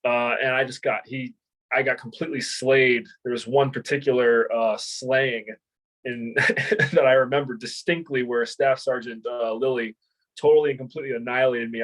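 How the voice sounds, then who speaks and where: The recording quality is poor as a man in his thirties, formerly a Marine and now teaching martial arts, swaps stories in a laid-back interview. His mid-range voice is a bit bright and fairly even in intonation, and he speaks fairly quickly. He laughs, cusses openly, and rambles with many fillers and false starts.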